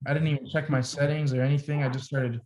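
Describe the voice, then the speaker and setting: A fast-talking young man with a voice on the high side, a photographer guesting on a podcast, tells an animated, casual story stuffed with "like" as filler.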